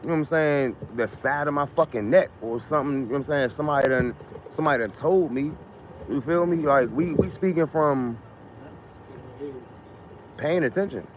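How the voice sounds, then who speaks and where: A man's voice: a little high, normal speed, long pauses. A man ranting casually on a live stream, repeating himself, firing off rhetorical questions and swearing freely. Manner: emphatic, repetitive, rhetorical questions, profane. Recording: muffled lo-fi sound with faint noise.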